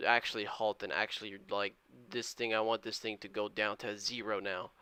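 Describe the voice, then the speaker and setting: Quiet-voiced man streaming his trades. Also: lowish voice, little pitch movement, normal speed, clean tone, no echo. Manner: chatty, reads out viewer comments and counts aloud; talking kind of quiet. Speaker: day trader live-streaming. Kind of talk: casual live-stream chat. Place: indoors at home.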